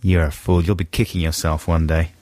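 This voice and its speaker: A man's voice: low-pitched, flat delivery, a little fast, a little mellow, no room sound, clean studio sound. A middle-aged man hosting a radio show in playful, casual comic chat. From England. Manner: playful, laughing, tries out silly accents. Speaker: radio host. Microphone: studio mic.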